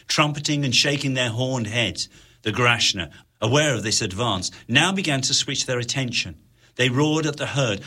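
A man reading an adventure audiobook with a lively, swinging delivery. His low voice is bright and husky, pressing dramatic moments. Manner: expressive, dramatic storytelling. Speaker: narrator. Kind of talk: audiobook narration.

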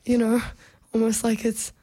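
A woman's voice: on the high side, completely flat delivery, moderate pace, dark tone. A young woman co-hosting a casual political chat, her voice a little strained, talking with many fillers. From New Zealand. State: strained voice after losing it. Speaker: podcast co-host.

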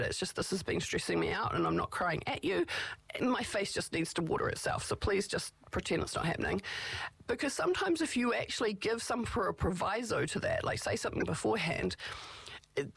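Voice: medium pitch, expressive, brisk, creaky, a bit bright, slightly rough, no room sound. A speaker in casual advice talk, candid and reflective, giving self-advocacy tips in long rambling phrases.

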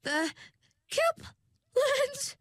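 Woman doing an anxious, shrill young mermaid. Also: sing-song, very slow, dry recording, heavily acted. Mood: hysterical. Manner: high, shrill and pleading. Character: anxious young mermaid girl, pleading and flustered. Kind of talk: storybook narration.

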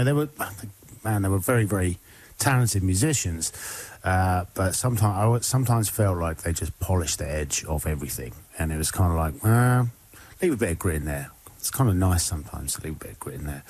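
A man's voice: low-pitched, darkish tone, slightly rough. A male radio DJ chatting casually between songs, rambling and often interrupting himself.

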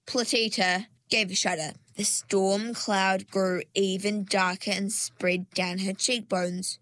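A woman reads a storybook aloud slowly and calmly. Her voice sits in a middle pitch, and the recording is dry and close. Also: no echo. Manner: calm, measured reading. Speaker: reader. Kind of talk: storybook narration.

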